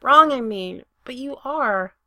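Woman doing a gentle, sad young man. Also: high voice, lively intonation, slow, dry recording, heavily acted. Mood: careful sad.

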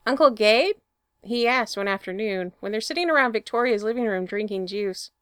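A woman narrating fan fiction in an expressive storybook reading. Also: medium pitch, brisk, smooth, no room sound, studio quality.

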